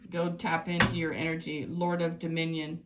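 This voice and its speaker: A woman giving a tarot reading to her viewers, talking in an emphatic, exasperated way that swings between scolding and excitement. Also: deep voice, moderate pace, over loud music. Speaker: tarot reader.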